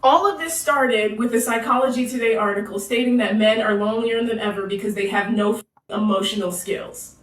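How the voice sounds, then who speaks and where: A woman speaks to the camera in a slangy, confrontational way. Her voice sits fairly high, and it sounds roomy and picked up from a distance. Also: fairly quick, few pauses. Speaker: social media therapist. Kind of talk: direct-to-camera social video.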